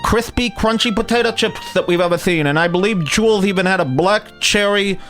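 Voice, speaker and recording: A man hosting a radio talk show, ranting casually with mocking impressions and sudden high-pitched bursts, and he has a headache. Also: brisk, a bit bright, soft background music. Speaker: podcast host.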